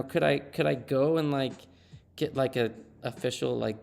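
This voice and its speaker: Chatty gravelly man streaming a game. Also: medium pitch, darkish tone. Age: 30s. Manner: chatty, laughs at own story. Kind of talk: casual live-stream storytelling.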